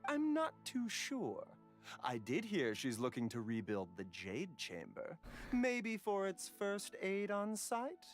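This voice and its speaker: An actor playing a calm, polite male pharmacist in a video game, speaking in a soft, measured way. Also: high voice, faint music behind, heavily acted. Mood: courteous. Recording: game audio with background noise.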